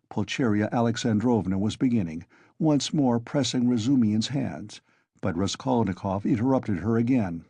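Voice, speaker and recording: A man reading an audiobook in a measured narrating voice. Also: mid-range voice, lively intonation, mellow, breathy edge, dry recording. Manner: measured storytelling delivery. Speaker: audiobook reader. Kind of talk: scripted narration.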